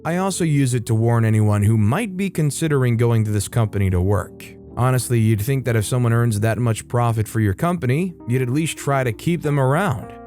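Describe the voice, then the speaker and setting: A man's voice: medium pitch, a little fast, few pauses, darkish tone. A man hosting a show where he reads online stories aloud, in a casual, conversational way with wry asides. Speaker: host reading online stories. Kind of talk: story narration with commentary. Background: faint guitar music.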